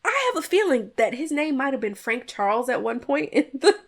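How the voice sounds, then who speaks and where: Chatty woman recapping a film, higher voice. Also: fairly quick. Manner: chatty, animated recap with frequent laughs and playful jabs. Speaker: podcast host reviewing a film. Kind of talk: casual chat.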